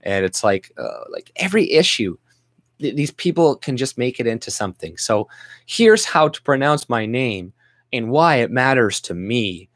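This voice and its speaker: A man's voice: medium pitch, big pitch swings, moderate pace, no echo, clean studio sound. A man ranting on his video channel in a mocking, profane way, full of rambling restarts. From Canada. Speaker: YouTuber ranting at the camera. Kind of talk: profane sarcastic rant.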